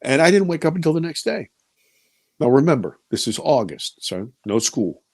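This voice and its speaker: A man's voice: mid-range voice, very animated, moderate pace, dry recording, studio quality. A man in his fifties telling a vivid personal story as an interviewee, repeating words as he gets caught up in it. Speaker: interviewee recounting an encounter.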